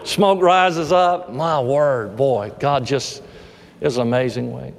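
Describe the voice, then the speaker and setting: Dramatic preacher in a reverberant hall. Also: male voice, medium pitch, vocal fry. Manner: dramatic, swings between loud emphasis and hushed slow passages. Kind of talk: sermon storytelling. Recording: long reverb of a large hall.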